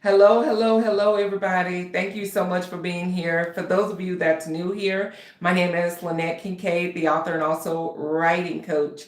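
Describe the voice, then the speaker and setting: A woman's voice: on the low side, little pitch movement, moderate pace, hardly any pauses, echoey room. A woman hosting her author channel, chatting casually and a bit nervously to viewers. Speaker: author and writing coach, channel host. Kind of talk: casual livestream talk to viewers.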